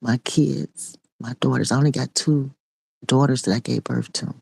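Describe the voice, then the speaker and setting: A woman's voice: very deep voice, fairly even intonation, moderate pace, creaky, darkish tone, breathy edge, no echo. A middle-aged woman and online preacher giving an impassioned spoken testimony in a repetitive, raw preaching cadence.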